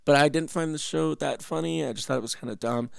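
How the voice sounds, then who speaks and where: A man's voice: a little high, quick pace, vocal fry, clean tone, dry recording, studio quality. A young man from Canada hosting a casual reaction show, rambling with profanity and frequent restarts. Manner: rambling, profane, self-interrupting. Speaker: host.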